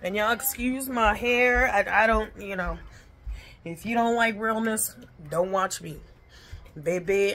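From her kitchen, a woman vlogger chats bluntly in a casual home vlog, swearing freely and speaking with her lips barely open. Her voice is medium-pitched and fairly bright, her pace measured, with slight background noise in the clip.

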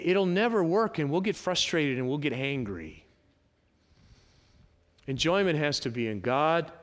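A male pastor preaching a sermon, animated and emphatic, with sudden rises and drops. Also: fairly high pitch. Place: church sanctuary. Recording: long church hall reverb.

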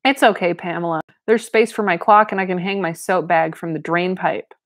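A woman's voice: fairly low pitch, fairly even intonation, normal speed, natural voice. A woman reading the lines of a sarcastic young woman newcomer, in a gaily mocking way.

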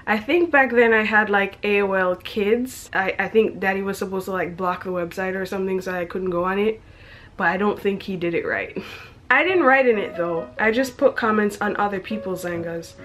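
A woman's voice: mid-range voice, a bit bright. A young woman reading her teenage diary aloud, breaking off for chatty, self-mocking asides and frequent giggles. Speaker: vlogger.

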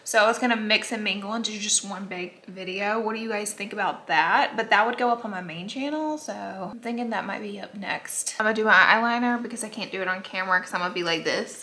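A woman's voice: medium pitch, fast talker, hardly any pauses, sharp tone, a little hiss or hum. A woman in her thirties chatting candidly through her makeup routine in a casual vlog, with lots of "like", talking to the camera at home. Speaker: beauty vlogger. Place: home, getting ready at a mirror.

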